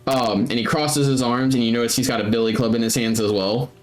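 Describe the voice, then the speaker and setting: A man's voice: medium pitch, steady tone, a little fast, music in the background, poor audio. A man narrating a tabletop game as game master, with frequent hesitant ums.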